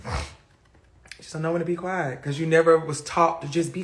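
Streaming indoors on a phone, this young man rambles in a relaxed, reflective manner, often drifting into mumbles and questioning himself. He speaks briskly in a slightly high voice with fairly even intonation, picked up by the phone mic over a noisy background.

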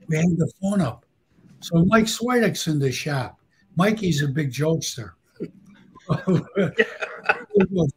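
Man, husky, higher-pitched voice, guest storyteller, profane and animated. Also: takes it slowly, long pauses, rough recording. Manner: profane, animated anecdotes with acted-out quotes. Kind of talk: casual storytelling.

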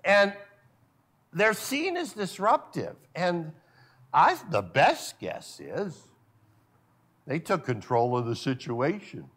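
A male pastor preaching a sermon at a church service, full of rhetorical questions and sudden drops to a hushed voice. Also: fairly high pitch, very animated, slow, pauses often.

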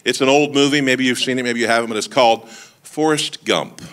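A man's voice: mid-range voice, brisk, fairly bright tone. A man preaching a sermon as lead pastor, telling stories with humorous asides and calling out to the congregation for responses. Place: church service.

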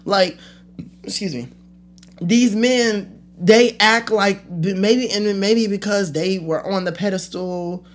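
Hosting her own podcast, a young adult woman rants casually on her own, speaking slowly in a mid-range voice. She's blunt and foul-mouthed, and her thoughts often trail away before she starts them again.

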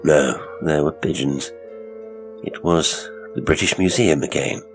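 A man narrating a strange horror story in a measured, deliberate way. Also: very deep voice, soft background music.

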